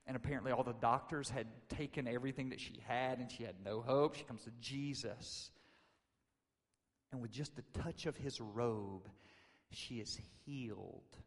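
A man preaching a sermon, retelling a story casually in quoted voices and rising to loud, emphatic peaks. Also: medium pitch. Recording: long reverb of a large hall.

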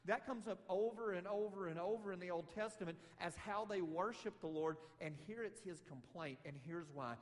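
A man with a slightly raised pitch delivers a sermon in a casual, conversational tone. He acts out scripture quotes with rising emphasis. His voice carries a long reverb from a large hall. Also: moderate pace, hardly any pauses. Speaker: preacher.

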